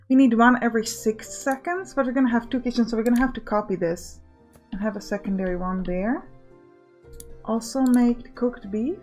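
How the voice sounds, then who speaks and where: A woman hosting a let's play, talking casually as she thinks aloud and gives orders to her game workers. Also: a little high. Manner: chatty, thinking aloud, bossing game units.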